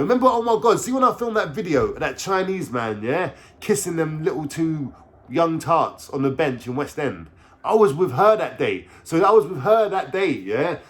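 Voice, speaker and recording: Streetwise man, lots of swearing. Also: medium pitch. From London. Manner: animated, streetwise slang, heavy swearing. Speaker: vlogger. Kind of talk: storytime vlog.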